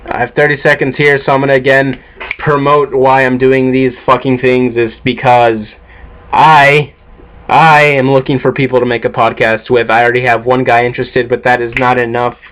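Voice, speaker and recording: A teenage boy vlogging in a casual, rambling way, offhand and swearing a lot, tired from lack of sleep. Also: medium pitch. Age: teens. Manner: profane, offhand, self-mocking. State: sleep-deprived. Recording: dull lo-fi home recording.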